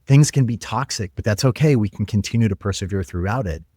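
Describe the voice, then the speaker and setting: Earnest low-voiced man telling work stories. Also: fast talker, no room sound, studio quality. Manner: energetic, earnest, acts out quoted lines. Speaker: guest, tech leader. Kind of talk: conversational podcast storytelling.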